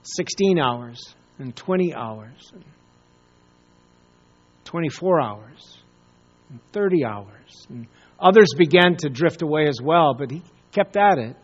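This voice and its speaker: A man preaching a sermon, telling a story with pauses and repeated words. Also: on the high side, animated, lo-fi sound. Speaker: pastor.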